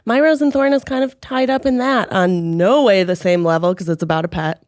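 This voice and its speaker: A woman co-hosting a podcast, speaking gently and in a measured way in casual chat. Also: mid-range voice, dry recording, clean studio sound. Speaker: podcast co-host.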